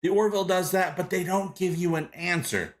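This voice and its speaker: A man's voice: sits high, fairly quick. A man hosting a live stream, chatting casually and reading out viewer comments, rambling with many restarts and greeting viewers by name. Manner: rambling with frequent restarts and fillers. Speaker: live show host.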